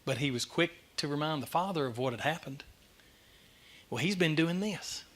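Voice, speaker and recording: A middle-aged man gives a church message, telling the story in an animated, self-deprecating way. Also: on the high side, moderate pace. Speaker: lay speaker giving a church message. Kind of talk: sermon. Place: church sanctuary.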